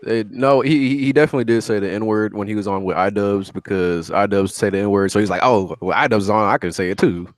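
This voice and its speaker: A man's voice: on the low side, no echo. A man chatting casually with friends on a podcast, telling stories with quoted asides. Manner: fast, storytelling with quoted asides. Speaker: podcast co-host. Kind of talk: casual group chat.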